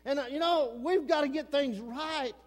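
A man with an East Texas accent delivers an impassioned sermon from the pulpit. His voice sits strikingly high and carries a long reverb from the church hall. He swings from shouted warnings to quiet, earnest pleading. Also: moderate pace. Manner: impassioned preaching, swings between shouting and low earnest talk. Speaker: pastor. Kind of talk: fiery sermon. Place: church sanctuary.

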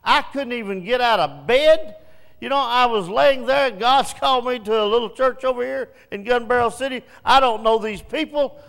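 A man pastor preaching a sermon in a folksy, self-mocking way that swells to shouts. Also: very high voice, moderate pace, creaky, in a large hall.

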